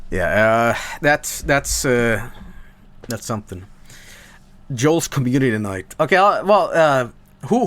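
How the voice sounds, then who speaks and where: A man's voice: mid-range voice, fairly bright tone. A man with a thick Swedish accent rambling casually to his stream chat, profane and full of asides.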